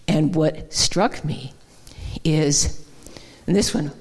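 A woman's voice: low-pitched, slow pace, darkish tone, husky. A woman giving a conversational, folksy sermon, with many fillers and restarts. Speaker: guest speaker. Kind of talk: informal sermon.

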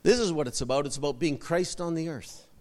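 A man's voice: fairly high pitch, brisk, a little mellow, in a large hall. A male pastor preaching a sermon, repeating short emphatic phrases and asking the congregation for amens.

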